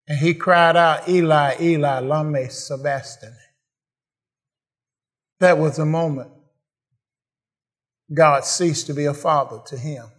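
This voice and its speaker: A man preaching a sermon, repeating phrases and building to shouted praise. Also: fairly high pitch.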